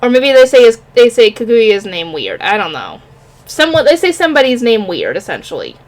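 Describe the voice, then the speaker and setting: A woman's voice: on the high side, very animated, a little fast. A woman talking casually on her own about an anime episode, rambling and often stopping to search for names. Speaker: anime reviewer. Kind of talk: casual solo review.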